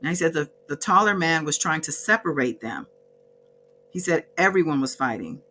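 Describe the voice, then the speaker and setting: Bright-voiced woman recapping from notes. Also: sits low, animated, moderate pace, slight background noise. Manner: chatty, with frequent asides and self-corrections. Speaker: vlogger recapping a court trial. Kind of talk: casual recap read from notes.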